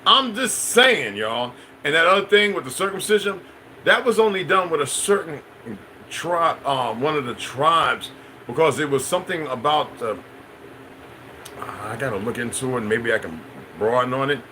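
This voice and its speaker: On a rough recording with faint hiss or hum, a man hosts a livestream, wandering from point to point, repeating himself and replying to chat viewers. His medium-pitched voice sounds animated, pushed and bright, at a normal speed.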